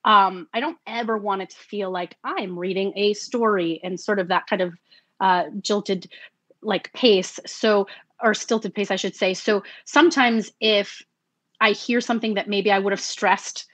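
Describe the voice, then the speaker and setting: A woman's voice: mid-range voice, unhurried, dry recording. Chatty woman, dry close sound. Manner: animated, acts out her own quotes, laughs often. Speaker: audiobook narrator. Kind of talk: conversational interview.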